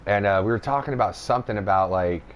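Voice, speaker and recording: A young man on a casual podcast tells a long story in a rambling, profane way, full of fillers and restarts. His voice sits fairly low. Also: fast talker, slight background noise. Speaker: podcast host.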